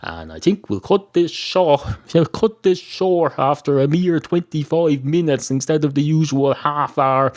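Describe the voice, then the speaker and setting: A man's voice: fairly high pitch, lively intonation, measured pace, hardly any pauses, a little mellow, no echo, studio quality, pitched above the performer's own voice. An Irish man doing a rambling, pedantic barman. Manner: rambling with restarts.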